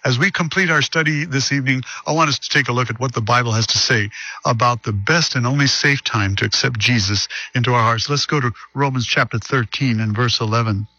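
A man pastor preaching a sermon, reading scripture slowly and deliberately and telling a story. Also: mid-range voice, pushed and bright, husky, dry recording, highs cut off.

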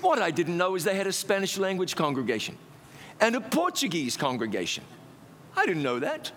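A man preaching, telling his own testimony as a lively, self-mocking story. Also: sits high, a little fast, long reverb tail, a little hiss or hum.

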